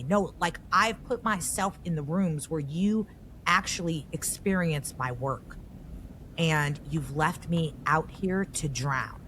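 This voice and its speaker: A woman's voice: sits low, slow pace, slight background noise. A woman hosting a podcast, talking candidly and with rising animation. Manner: animated, rising emotion as she tells the story. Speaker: podcast host. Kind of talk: candid conversational podcast talk.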